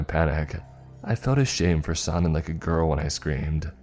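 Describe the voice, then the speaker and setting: A man narrating a first-person story in a measured, tense storytelling manner. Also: extremely low pitch, a little mellow, faint music behind.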